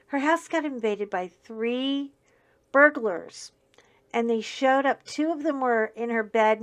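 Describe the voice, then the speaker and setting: A middle-aged woman hosting a casual chat while coloring, telling stories in a chatty, animated way with emphatic outbursts. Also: a little high. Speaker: host.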